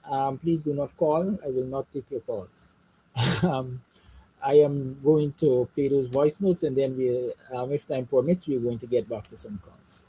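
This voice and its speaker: A man's voice: mid-range voice, fairly even intonation, measured pace, dark tone, slightly rough, low-quality recording. A man hosting a live call-in radio show, firm and polite as he gives plain instructions to listeners.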